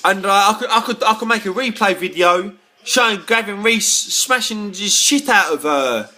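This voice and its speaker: A man's voice: high voice, expressive, moderate pace, pushed and bright. A tipsy man, rambling to camera in a casual rant, stumbling over repeated words and swearing when riled. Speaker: vlogger.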